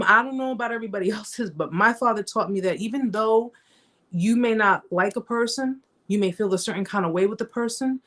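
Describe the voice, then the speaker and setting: Woman host of a live stream, mid pitch, conversational and emphatic, acts out her anecdotes. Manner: conversational, emphatic, repeats herself; reenacts stories with raised pitch.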